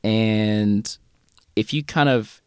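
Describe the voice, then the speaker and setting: Lowish-voiced guy breaking down a movie, dry close mic. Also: darkish tone, clean tone, dry recording. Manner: measured, analytical, uses "you know" often. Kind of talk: casual movie review chat.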